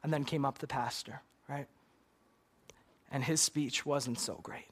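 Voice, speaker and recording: Earnest male preacher, even-toned. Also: mid-range voice, measured pace, husky. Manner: earnest, repeats "God" and "Lord" in prayer; asks "right?" of the listeners. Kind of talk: sermon and closing prayer.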